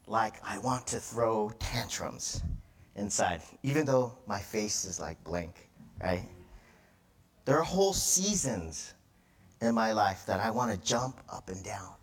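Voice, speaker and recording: A middle-aged male pastor giving a conversational sermon, acting out crying children and tantrums as he talks. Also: medium pitch.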